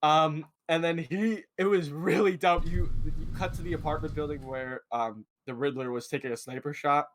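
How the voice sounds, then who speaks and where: A young man co-hosting a casual film review, retelling scenes in an excited, rambling way with lots of swearing. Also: a little high, moderate pace, hardly any pauses, a little hiss or hum. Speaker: podcast co-host. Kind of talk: casual movie review chat.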